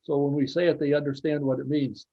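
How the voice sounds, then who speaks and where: A man's voice: on the high side, level tone, quick pace, mellow, lo-fi sound. A man hosting a racing talk show, chatting admiringly with his guest over a video call. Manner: admiring, rambling with restarts. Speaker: radio show host.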